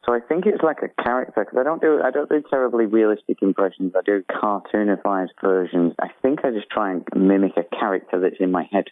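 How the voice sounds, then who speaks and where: A comedian talking casually in an interview about doing accents, relaxed and self-deprecating. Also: male voice, on the low side, a little fast, hardly any pauses. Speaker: comedian and tattoo artist. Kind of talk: interview answers. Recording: phone-like dry line.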